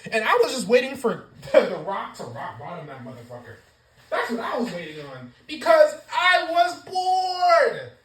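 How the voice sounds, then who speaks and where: A woman's voice: a little high, roomy sound, slight background noise, poor audio. A woman giving a casual wrestling show review, ranting with lots of swearing. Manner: profane, animated ranting.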